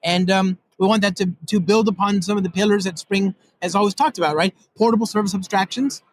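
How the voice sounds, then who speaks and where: A man guest giving a casual technical demo, excitable and rambling with lots of fillers. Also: high-pitched, fairly quick, rough recording. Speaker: guest developer demonstrating software. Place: recorded in Europe.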